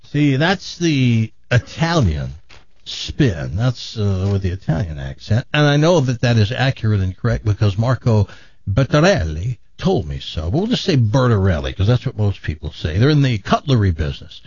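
A man hosting a radio talk show, chatting and joking, then pitching a sponsor in a salesman-like way. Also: big pitch swings, a little fast, darkish tone, husky, no echo, dull audio. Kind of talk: casual radio chat and live read.

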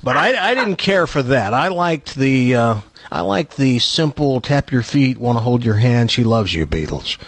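A man's voice: medium pitch, big pitch swings, normal speed, breathy edge, no room sound. A man co-hosting a radio show, chatting casually and animatedly, laughing easily. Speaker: radio co-host.

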